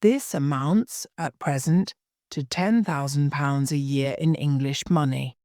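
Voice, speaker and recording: A woman doing a kindly old gentleman lawyer who speaks slowly and carefully, polished and formal. Her voice sits fairly low and the sound is dry and close. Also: dry recording. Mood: patient. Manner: careful, polished, slow explaining.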